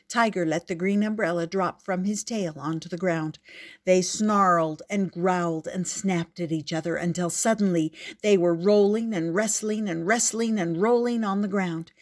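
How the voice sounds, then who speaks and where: An older woman reading a picture book aloud in a gentle, expressive way. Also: lowish voice. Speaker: storyteller.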